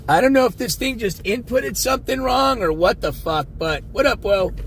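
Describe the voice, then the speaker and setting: High-voiced profane man streaming from his car. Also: expressive, moderate pace, slight background noise. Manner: profane, rambling, talks to his chat. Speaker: live streamer. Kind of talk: casual live-stream chat while driving. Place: inside a car on the road.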